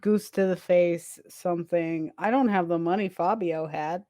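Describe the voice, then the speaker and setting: A man's voice: high-pitched, fairly even intonation, measured pace, warm tone, dry recording. A man co-hosting a casual comedy podcast, telling rambling, self-mocking stories with plenty of swearing. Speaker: podcast co-host.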